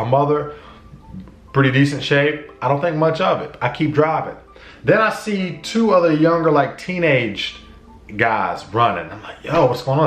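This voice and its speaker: A man casually telling a personal story to camera, acting out his own shouts and conversations. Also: mid-range voice, roomy sound. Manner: animated, acts out his own shouts and dialogue. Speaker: vlogger.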